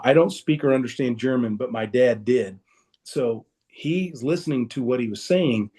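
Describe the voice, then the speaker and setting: A man's voice: medium pitch, warm tone. A man telling a personal story as a guest in a casual, rambling way, with many restarts, over a video call. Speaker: guest speaker.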